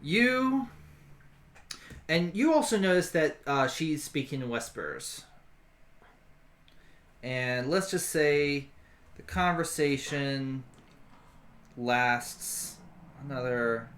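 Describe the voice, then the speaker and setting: A man narrating as game master in a relaxed, casual manner. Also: on the high side, extremely slow, long pauses. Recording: roomy echo.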